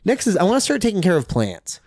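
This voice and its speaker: A young man co-hosting a podcast in relaxed, joking casual chat, laughing often. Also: sits high, fast, dry recording. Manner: relaxed, laughs often, lively swearing banter. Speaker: podcast co-host.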